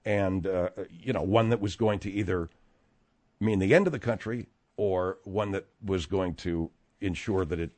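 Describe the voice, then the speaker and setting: A man hosting a talk radio show, rambling and animated, with frequent restarts as he talks. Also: low voice, normal speed. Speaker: radio host.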